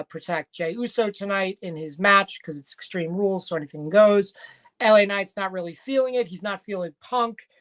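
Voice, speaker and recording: A woman casually recapping a wrestling show, chatty and rambling with frequent fillers and restarts. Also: fairly low pitch.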